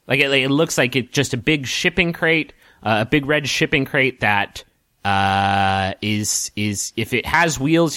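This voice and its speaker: A man's voice: mid-range voice, a bit bright, no echo. Male game master, mid voice, stop-start narration, dry close sound. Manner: halting, many ums and restarts.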